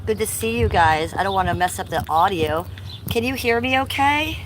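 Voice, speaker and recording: A woman's voice: medium pitch, lively intonation, normal speed, noisy background. A woman with a Cleveland accent chatting on a casual livestream outdoors, a little out of breath from biking, reading chat comments aloud. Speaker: livestream host. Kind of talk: casual live-stream chat. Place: outdoors by an old church. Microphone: chest-harness phone.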